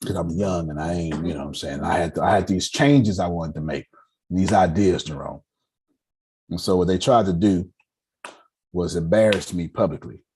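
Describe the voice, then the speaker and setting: A man's voice: low voice, normal speed, warm tone, slightly rough. A man giving a folksy, preachy motivational talk to a live audience, often turning to his listeners directly. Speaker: motivational speaker.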